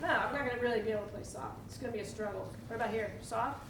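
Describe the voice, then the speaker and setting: A woman teaching a live percussion clinic to students, energetic and coaxing, often asking the room questions. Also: a little high, racing, noisy background. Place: school band room with students. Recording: echoey room from far off, with drumming.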